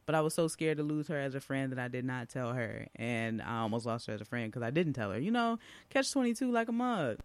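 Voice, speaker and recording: A man's voice: medium pitch, expressive, moderate pace, clear, resonant tone, no echo. A man, casually telling a personal story as a podcast speaker, chatty and full of asides. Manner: chatty, warm-hearted, with asides and fillers.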